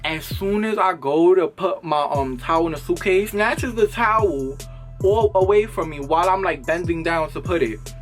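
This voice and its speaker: A young man vlogging a casual storytime, animated and swearing, acting out both sides of an argument. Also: on the high side, moderate pace, faint music behind.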